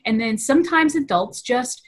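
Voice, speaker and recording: A woman in her thirties chats easily as an interview guest. Her voice sits a little high, and her talk is loose, full of "you know" and quick laughs. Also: lively intonation. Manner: chatty, laughs often, lots of "you know". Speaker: guest, VFX artist. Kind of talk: casual interview chat.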